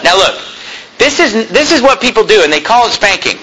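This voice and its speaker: High, lively-voiced man preaching. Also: fairly quick, noisy background. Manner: emphatic preaching with asides to the congregation. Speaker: pastor. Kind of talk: sermon.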